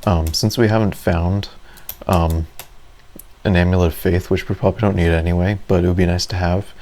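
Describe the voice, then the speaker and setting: A man's voice: low-pitched, steady tone, fairly quick, darkish tone, slight background noise. A man giving casual, rambling commentary over his own gameplay, self-deprecating and full of fillers. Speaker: gaming video creator.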